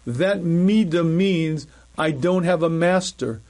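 In a recorded Torah lecture, a middle-aged rabbi teaches in a measured, emphatic manner, repeating key phrases and frequently clearing his throat. His voice is on the high side with a darkish tone.

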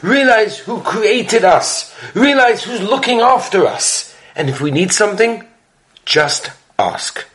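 High-voiced man preaching a Torah talk. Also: expressive, takes it slowly, a bit bright. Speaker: rabbi giving a weekly Torah talk. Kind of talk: sermon storytelling.

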